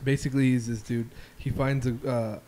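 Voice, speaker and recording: A man hosts a casual podcast, retelling stories in a loose, profane ramble. His voice sits in a middle pitch with a mellow, relaxed tone. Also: brisk. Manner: loose, profane storytelling with filler ums. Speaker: podcast host. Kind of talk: casual chat.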